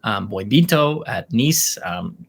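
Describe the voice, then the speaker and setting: A man's voice: fairly low pitch, lively intonation, slow pace, vocal fry, husky. A man hosting a podcast, running through player news in a casual, opinionated way with frequent ums. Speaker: podcast host. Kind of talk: casual soccer podcast talk.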